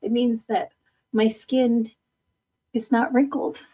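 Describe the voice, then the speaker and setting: A woman's voice: on the high side, steady tone, slow pace, mellow. A woman in her fifties hosting a live-streamed podcast, chatting casually with viewers in a rambling way, laughing easily and tired from little sleep. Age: 50s. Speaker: podcast host.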